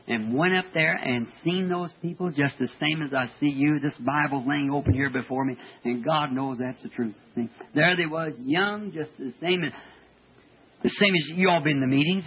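A man preaching a fervent sermon testimony, halting and stammering as he tells his story. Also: on the high side, slightly rough. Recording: old tinny archival tape.

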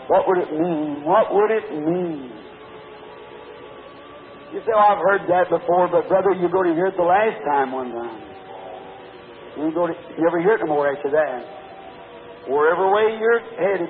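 Middle-aged male preacher with a high, slow, pleading delivery, heard on a faintly hissy tape. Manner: pleading, rhythmic preaching with repeated blessings. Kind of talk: altar call sermon. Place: large church with balcony. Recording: tinny lo-fi old sermon tape.

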